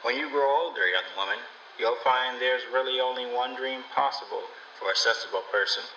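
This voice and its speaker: A man's voice: medium pitch, normal speed, sharp tone, reverberant, distant mic, highs cut off, a little hiss or hum. A man voicing a dry, blunt, mocking wanderer in a storybook reading. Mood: wry. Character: wry, mocking wandering dream-seller man.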